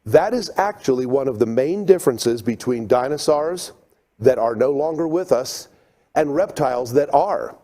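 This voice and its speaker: A middle-aged man giving a seminar talk, telling stories with lively acted-out moments. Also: mid-range voice, moderate pace. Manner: animated storyteller, acts out scenes. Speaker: creation seminar speaker.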